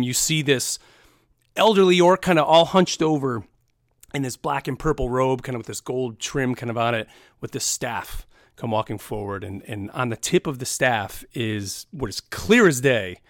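A young man narrates a tabletop game as dungeon master in a loose, rambling way full of fillers. His voice carries a gravelly edge. The sound is dry and close. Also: mid-range voice, expressive, moderate pace, fairly bright tone, dry recording. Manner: casual, rambling, filler-heavy.

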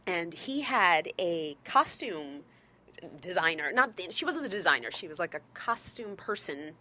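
A woman's voice: fairly low pitch, unhurried. A woman guest telling a story in casual chat, laughing often and acting out what people said. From New York. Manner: lively, laughing, acts out quotes. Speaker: guest performer.

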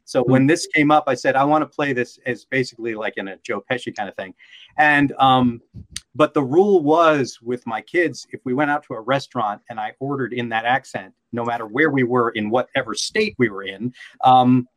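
Man, voice actor and director, from brooklyn, self-deprecating storyteller, mid pitch, dry sound. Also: normal speed, a bit bright, no echo, low-quality recording. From Brooklyn, New York. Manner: anecdotal, self-deprecating, laughs often. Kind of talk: panel discussion.

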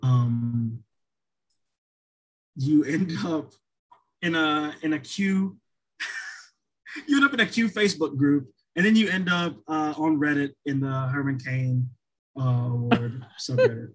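A man's voice: fairly high pitch, slow pace, pauses often, low-quality recording. A man co-hosting a podcast in casual chat, rambling with many restarts and fillers.

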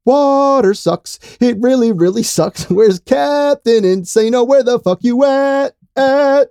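A man putting on the voice of an excitable, dim young water boy from a football comedy, with a shrill, whiny, stammering delivery. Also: slow pace, clear, resonant tone, no room sound, studio quality, full character voice.

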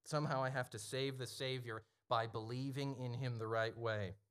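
A man in his thirties from Ohio, preaching a conversational sermon that builds into slow, emphatic declarations. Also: mid-range voice, fairly even intonation, fairly bright tone, clean tone. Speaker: pastor.

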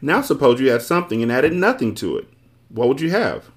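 A man's voice: mid-range voice, very animated, a little fast, voice pushed up, lightly acted. A man doing a pedantic many-faced shape creature. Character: pleased, many-faced male geometric creature.

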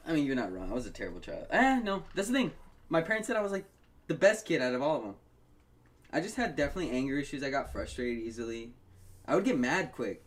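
Animated young man telling stories. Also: medium pitch, fast. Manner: animated storytelling, frequent swearing. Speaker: podcast co-host. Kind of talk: casual podcast chat.

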